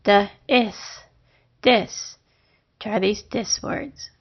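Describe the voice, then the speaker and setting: A woman teaching a phonics lesson, sounding out syllables and words one at a time with long pauses between them. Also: mid-range voice, steady tone. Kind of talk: slow, deliberate phonics lesson. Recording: dull lo-fi recording.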